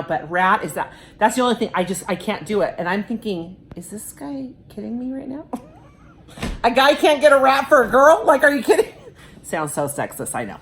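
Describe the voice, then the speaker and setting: A middle-aged woman telling a story in a casual, chatty vlog, animated and quoting people as she goes. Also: fairly high pitch. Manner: chatty, animated, quotes people in her stories. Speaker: vlogger.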